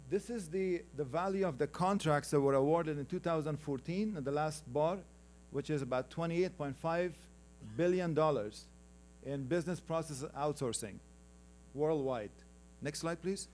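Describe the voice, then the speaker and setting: A man with an Afghan accent presents slides at a business conference. His voice sits a little high, and a faint electrical hum runs under his talk. He speaks conversationally and teases the room now and then. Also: normal speed, darkish tone. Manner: conversational, teasing the audience, calls for next slides.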